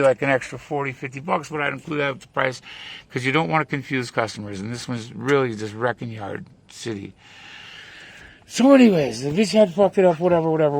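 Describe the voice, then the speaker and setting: A man's voice: a little high, gravelly. A man vlogging an angry, profane rant, telling a story packed with insults. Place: home, near a pet cat.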